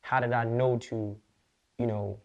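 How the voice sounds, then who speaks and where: Fast-talking man telling his story. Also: medium pitch, little pitch movement, lo-fi sound. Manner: fast, slangy, profane street talk. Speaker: podcast guest. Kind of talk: candid interview storytelling.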